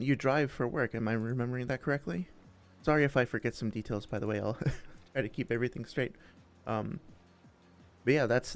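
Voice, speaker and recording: A young man with a smooth, medium-pitched voice hosts a live stream, chatting casually with viewers. He's friendly and rambling, with plenty of fillers and restarts.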